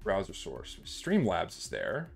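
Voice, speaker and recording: A man's voice: low voice, wildly swooping pitch, slow pace, vocal fry, faint music behind. A man livestreaming, chatting to his viewers and muttering to himself as he fiddles with his settings, swearing often. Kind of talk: live stream chatter.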